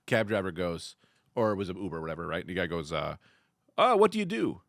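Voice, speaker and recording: Male comic co-host, lively bright delivery, dry close-mic sound. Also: low-pitched, quick pace, gravelly, dry recording. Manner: animated storytelling, acts out lines. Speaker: comedian podcast co-host. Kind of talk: casual comedic chat.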